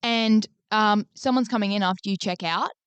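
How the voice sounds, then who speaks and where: A woman's voice: medium pitch, moderate pace, clear, resonant tone, no echo, lo-fi sound. A young woman, co-hosting a podcast and telling a story in casual, swearing-heavy chat. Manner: animated storytelling, swears freely. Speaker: podcast co-host.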